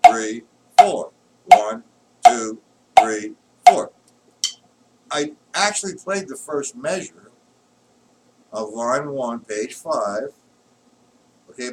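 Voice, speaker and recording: A man teaching drums in a live-streamed lesson, explaining patterns patiently and counting beats aloud loudly while he plays. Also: mid-range voice, slight background noise. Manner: explains patiently, checks if students follow. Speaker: drum teacher. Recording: distant mic with loud drumming.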